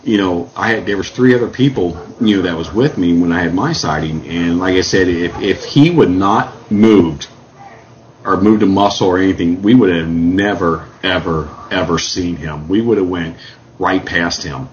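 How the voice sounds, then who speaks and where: A deep-voiced man talks in a loose, rambling way, full of fillers and restarts. The sound is dull and lo-fi, like an old radio show. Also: normal speed, a little hiss or hum. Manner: rambling, many fillers and restarts, folksy grammar. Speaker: guest describing a Sasquatch sighting. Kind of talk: casual call-in radio talk.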